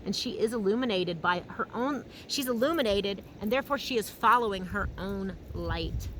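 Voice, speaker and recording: Woman doing a tarot reading out in a field, slow dreamy emotional talk, lots of humming, wind and outdoor noise behind her. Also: mid-range voice, fairly bright tone, poor audio. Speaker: tarot reader.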